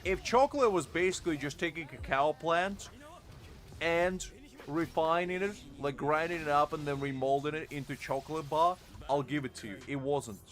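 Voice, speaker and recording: A man's voice: a little high, moderate pace, a bit bright, faint music behind. A man streaming a game, teasing and arguing with chat in playful mock outrage. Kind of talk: casual live-stream banter.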